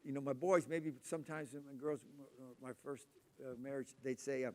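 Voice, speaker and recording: A man in his sixties preaching a sermon, telling loud, animated family stories. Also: mid-range voice, brisk. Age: 60s.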